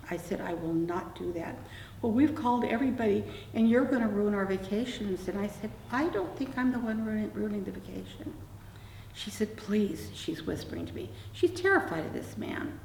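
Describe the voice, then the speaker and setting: An older woman recounts an episode to her interviewer, acting out both sides of the exchange with a blunt, wry edge. Her voice has a gravelly texture and sits at an ordinary pitch. She is picked up from a distance in an echoey room with a faint hum behind. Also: moderate pace. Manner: animated anecdote with quoted dialogue, blunt and wry. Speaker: interview guest. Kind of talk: storytelling in an oral-history interview.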